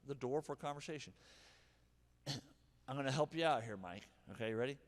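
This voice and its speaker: A man preaching a sermon as pastor, animated, acting out harsh and gentle examples. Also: mid-range voice, fairly quick, pauses often. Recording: long hall reverb.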